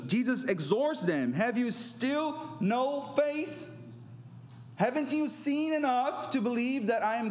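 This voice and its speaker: A middle-aged pastor preaches slowly in a conversational way, drifting into anecdotes and little acted-out voices. His voice sits high for a man. The sound rings around an echoey church hall. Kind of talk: sermon. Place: church sanctuary.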